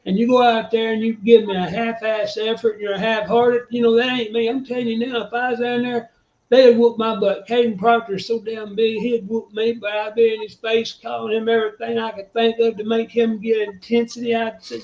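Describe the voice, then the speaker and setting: Man, high voice, heated profane rant, echoey dull lo-fi sound; fan show regular. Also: level tone, brisk, darkish tone. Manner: fired-up, profane, ranting. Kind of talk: heated sports fan talk.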